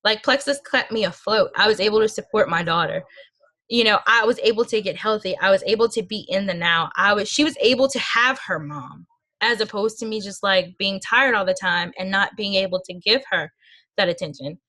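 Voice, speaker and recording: A woman's voice: medium pitch, fairly quick, bright, forceful tone. A young woman giving an earnest, emotional motivational talk to her sales team over a video call. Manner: earnest and emotional, speaks from personal experience. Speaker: team leader speaking to a sales team. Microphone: video call microphone.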